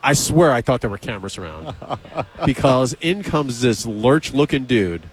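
Male radio host, casual storyteller, animated delivery, plays out the dialogue himself. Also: mid-range voice, moderate pace, slightly rough. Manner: animated, acts out both sides of conversations. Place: radio studio.

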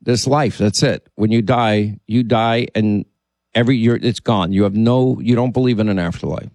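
A man's voice: on the low side, moderate pace, a little mellow, dry recording. Storytelling man, dry close sound. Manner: storytelling, with many restarts and quoted dialogue. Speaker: podcast host. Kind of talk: casual conversation.

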